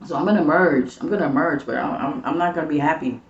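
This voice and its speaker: A woman's voice: deep voice, quick pace, few pauses. Ranting woman, distant echoey lo-fi. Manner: heated, repetitive, swearing, preachy. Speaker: YouTube vlogger. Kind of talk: angry profane rant to camera. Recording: roomy, distant, dull lo-fi sound.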